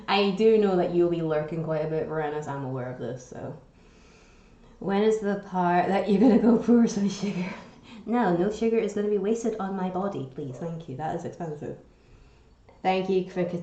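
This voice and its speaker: Chatting with her stream viewers from an indoor home kitchen, a young woman swears freely and is easily amused. Her voice is lowish, and the recording sounds muffled, echoey and full of loud background noise.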